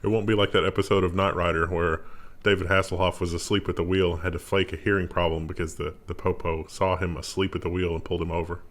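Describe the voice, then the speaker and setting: Low-voiced sarcastic male co-host. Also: little pitch movement, fast talker. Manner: laughs easily, sarcastic quips. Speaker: news show co-host. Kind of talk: casual news banter.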